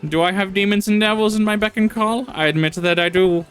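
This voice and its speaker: A man's voice: sits high, fairly quick, a bit bright, clean tone, voice pushed up, low-quality recording. A sly, pompous witch with a pumpkin for a head, as a man puts her on in a villainous male register. Her speech is grand and scheming, with light game music faint behind. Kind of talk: reading game dialogue aloud.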